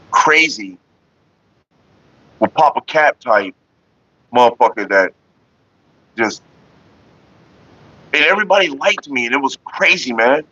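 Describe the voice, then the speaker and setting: Here a mid-range male voice with no echo answers viewers on a casual Northern California vlog. He's laid-back, rambling, and profane, talking about keeping calm, and the recording has a dull lo-fi sound.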